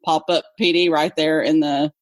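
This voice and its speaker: A woman with a Southern accent, an English teacher chatting in an interview, talkative and quick to laugh. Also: deep voice, little pitch movement, no echo. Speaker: English teacher, podcast co-host guest. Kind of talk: casual interview chat.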